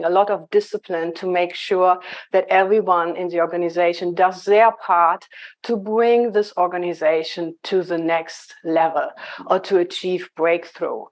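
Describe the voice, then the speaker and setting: A woman from Germany with a German accent, a leadership coach explaining things in a measured way as a podcast guest. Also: on the low side. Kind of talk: conversational interview.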